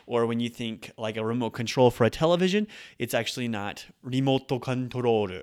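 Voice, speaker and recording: A young adult man hosting a casual Japanese language lesson, explaining loan words in a relaxed, chatty way with fillers and quick self-corrections. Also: medium pitch, clean tone. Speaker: host teaching Japanese.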